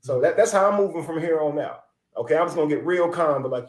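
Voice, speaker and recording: A man hosting an interview show, talking in an animated, encouraging way. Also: a little high, fast, roomy sound. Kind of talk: casual interview chat.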